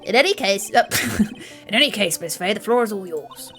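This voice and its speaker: A woman voicing an old male judge who is kindly but pompous and booms his lines. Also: animated, normal speed, fairly bright tone, soft background music, lightly acted. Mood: surprised. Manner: booming, grandfatherly. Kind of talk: live-stream game dub.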